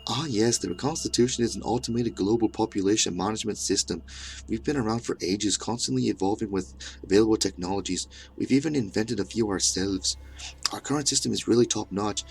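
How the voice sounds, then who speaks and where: Old Scottish scientist, brisk and matter-of-fact, low gravelly voice, put on by a man reading a story. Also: slight background noise. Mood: explaining. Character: frantic older male scientist, Scottish.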